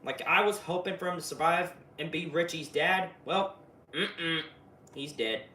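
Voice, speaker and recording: Brief: chatty male reviewer, slightly high voice, excitable, echoey room with the mic set far back. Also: normal speed, a little hiss or hum. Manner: excitable, chatty, with lots of fillers. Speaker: video reviewer. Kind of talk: casual spoiler recap. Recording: roomy, distant mic, faint ambience.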